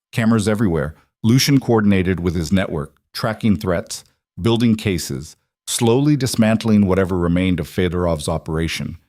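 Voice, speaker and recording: A man narrating a dramatic story in a steady, scripted reading. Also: on the low side, no room sound, studio quality.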